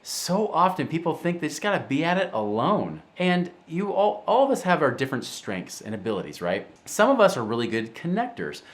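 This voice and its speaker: A middle-aged finance show host talks casually to camera in a fairly high-pitched voice, fairly quick and with hardly any pauses. He's an animated storyteller, acting out the voices of people in his anecdotes.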